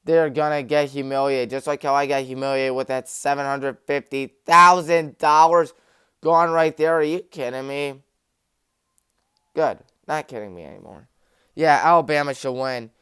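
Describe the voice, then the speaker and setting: Brief: young guy hosting sports talk, crisp and smooth, dry close sound, jokey and rambling. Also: medium pitch, a bit bright, no echo. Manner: jokey, rambling, self-mocking. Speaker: sports talk show host. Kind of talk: rapid-fire game picks with joking asides. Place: small community TV studio.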